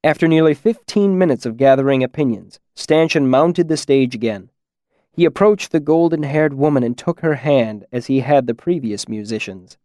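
A man narrating a first-person fantasy audiobook in a measured, reflective way. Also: medium pitch, warm tone, no echo, studio quality.

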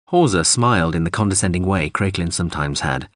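A man narrating a story in an expressive audiobook reading. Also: sits low, a little fast, few pauses, no room sound, studio quality.

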